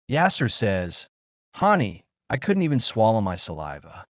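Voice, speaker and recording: Low-voiced man telling a horror story. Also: huge pitch swings, normal speed, no echo, studio quality. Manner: tense, dramatic retelling with rising outbursts.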